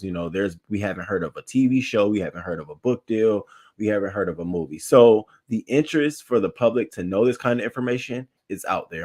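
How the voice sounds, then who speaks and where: A man's voice: on the low side, darkish tone. A man hosting a celebrity news show, giving blunt, opinionated commentary and reading his live chat, swearing freely and repeating points for emphasis.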